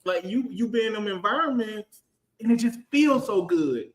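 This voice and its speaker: A man in his thirties, a finance professional on a casual business panel, talking in an animated, slangy way and acting out quoted voices. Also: high voice, normal speed, reverberant. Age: 30s.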